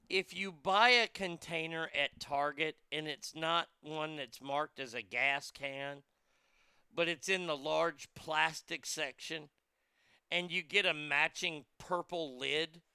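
A man's voice: on the high side, sharp tone, clear, resonant tone, dry recording, studio quality. A man working as a radio DJ, reading odd news and ranting about it in a sarcastic, crude, rambling way. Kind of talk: profane talk radio commentary.

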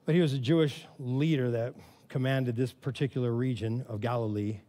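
A man preaching a sermon in a casual, animated storytelling way, often saying "man" and "all right", rising to loud, excited preaching. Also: mid-range voice, brisk. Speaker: pastor.

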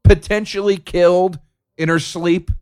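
A man's voice: high voice, fairly even intonation, measured pace, a little mellow, clear, resonant tone. Sarcastic swearing man ranting on stage. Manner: ranting, sarcastic, swears a lot, acts out characters. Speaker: stand-up comedian. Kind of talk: profane stand-up rant.

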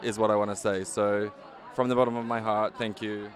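A man's voice: fairly low pitch, little pitch movement, fairly quick. A man from Australia giving sincere, earnest thanks as a guest on a podcast. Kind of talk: heartfelt thanks. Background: crowd chatter.

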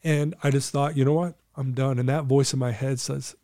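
A middle-aged man recounts his life story with open, earnest candor, sometimes choked with emotion. His tone is mellow and warm, recorded close in a dry, dead space. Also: medium pitch, steady tone, normal speed, no room sound. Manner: earnest, candid, storytelling with quoted inner thoughts. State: emotional, clearing his throat. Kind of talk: emotional personal testimony.

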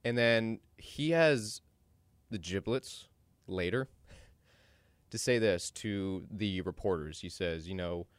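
A man's voice: slow pace, long pauses, no echo. A young man from Dallas hosting a podcast, ranting opinionated commentary and getting worked up as he talks. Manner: animated, ranting, jumps in pitch when worked up. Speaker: podcast host.

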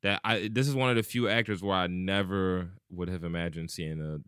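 A man in casual podcast banter who tells movie plots in a dry, wry way. His voice is low and smooth, and the recording is close and dry. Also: fairly quick, no echo. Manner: wry, deadpan movie recaps. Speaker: podcast co-host.

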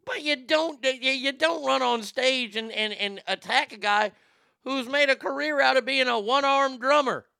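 A man's voice: very high-pitched, moderate pace, vocal fry, bright, forceful tone, no room sound, clean studio sound. A man hosting a casual talk show, blunt and rambling, swearing freely. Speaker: show host.

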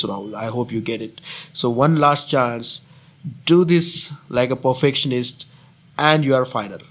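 A man making a prank phone call, insistently pitching a fake casting offer. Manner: insistent, smooth-talking recruiter pitch. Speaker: prank caller.

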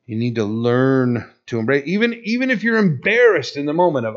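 A man's voice: medium pitch, sing-song, fairly quick, hardly any pauses, highs cut off. A man preaching a sermon in a conversational way, often saying "you know" and restarting his sentences. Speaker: pastor.

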